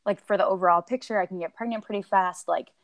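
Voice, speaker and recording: A woman's voice: medium pitch, fairly even intonation, fast talker. A woman guest on a podcast, talking casually and at length with many "like"s and "um"s, acting out her own remembered lines. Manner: rambling, lots of "like" and "um", acts out her own quotes. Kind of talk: casual chat.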